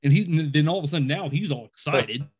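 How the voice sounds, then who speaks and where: Man, somewhat high voice, chatty skeptic spinning long, winding ghost anecdotes. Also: fast. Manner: rambling storyteller, acts out quoted dialogue; self-described skeptic and overthinker. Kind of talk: casual conversation.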